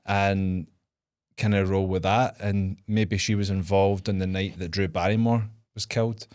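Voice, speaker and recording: A man's voice: sits low, fairly even intonation, measured pace, darkish tone, no echo, clean studio sound. A man co-hosting a casual podcast, laughing often as he lays out long fan theories. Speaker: podcast co-host. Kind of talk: casual chat.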